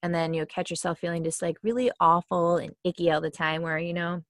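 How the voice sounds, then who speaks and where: A woman's voice: lowish voice, fairly even intonation, a little fast, a bit bright, no room sound, clean studio sound. A woman coaching in a casual, explanatory way, full of fillers and acted-out complaints. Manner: chatty, many fillers, acts out quoted complaints.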